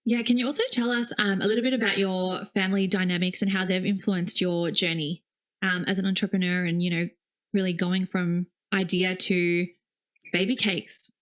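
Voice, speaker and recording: A woman's voice: on the low side, little pitch movement, moderate pace, a bit bright. A woman co-hosting a podcast, asking questions in a friendly, enthusiastic way. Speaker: podcast co-host. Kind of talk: conversational podcast interview.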